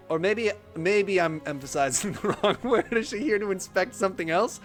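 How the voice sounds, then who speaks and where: A man's voice: sits high, moderate pace, few pauses, faint music behind. Jokey man streaming a game. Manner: jokey, reads game text aloud and riffs on it. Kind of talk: casual live-stream commentary.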